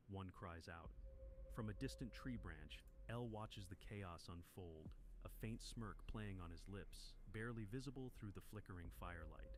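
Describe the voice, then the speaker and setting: Casting: male narrator, very low voice, steady dramatic storytelling, faint hiss. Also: normal speed.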